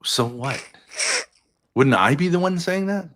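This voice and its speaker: A man's voice: on the high side, animated, a little slow, a bit bright, slight background noise. A man in a heated argument on a live stream, blunt, confrontational and swearing freely.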